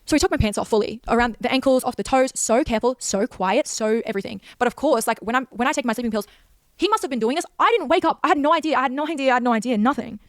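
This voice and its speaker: A woman's voice: on the high side, no echo. A young woman rattles through a personal account at breakneck speed. Her voice is intense and laced with swearing, and it sits dry and close to the microphone. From Australia. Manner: rapid, intense, heavy swearing. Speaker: creator telling her story in a clip.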